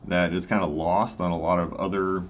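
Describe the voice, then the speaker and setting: A man with a Southern American accent, a guest in a casual chat, talking haltingly with many fillers. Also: sits low, level tone, slight background noise. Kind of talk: casual conversation.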